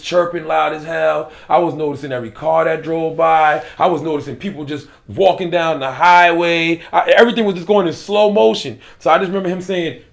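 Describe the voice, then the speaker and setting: A man's voice: a little high, creaky, echoey room. A man from South Carolina with a South Carolina accent, telling a story in casual, slangy interview talk. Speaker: guest.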